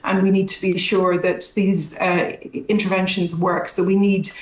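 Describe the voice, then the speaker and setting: A woman's voice: mid-range voice, little pitch movement, normal speed, reverberant, rough recording. A woman academic expert giving careful, analytical answers in a news interview, with some hesitations.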